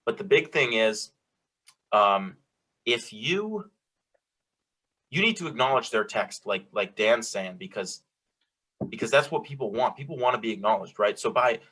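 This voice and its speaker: A man's voice: on the low side, bright, forceful tone, slightly rough. A man co-hosting a casual advice chat, speaking earnestly and laying out his points. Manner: earnest, explanatory, chimes in to finish points. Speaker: podcast co-host.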